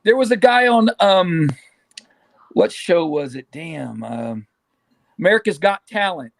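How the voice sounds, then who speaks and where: High-pitched male host, dry close sound, laid-back chatter. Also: animated, measured pace, creaky, no echo. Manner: laughs often, ends phrases with "man". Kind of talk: casual chat.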